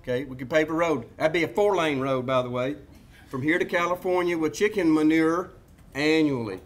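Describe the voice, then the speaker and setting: A man's voice: fairly high pitch, brisk. A man with a Southern US accent giving a seminar lecture as a veterinarian, joking and wandering into asides, with lots of restarts and fillers. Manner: jokey, rambling asides, repeats himself, many fillers. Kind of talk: folksy lecture to students.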